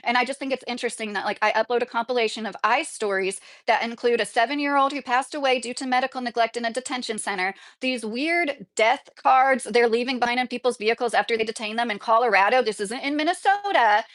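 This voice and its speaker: Indignant rambling woman YouTuber, high voice. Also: quick pace, few pauses, a bit bright. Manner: indignant, rambling with restarts and frequent "like". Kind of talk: casual political rant to camera, reading comments.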